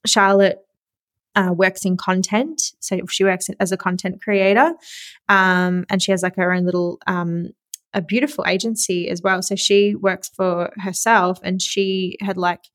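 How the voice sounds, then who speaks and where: A young Australian woman hosting a podcast, telling a story in a chatty, excitable way with frequent laughs and casual swearing. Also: mid-range voice, measured pace, no room sound. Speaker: podcast host.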